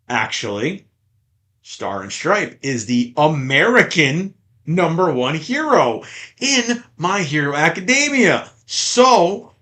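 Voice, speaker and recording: A man's voice: on the high side, big pitch swings, takes it slowly, pushed and bright. A man hosting a collectibles podcast, ranting in a sarcastic, exasperated way about online complaints. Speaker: podcast host. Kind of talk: casual ranting chat.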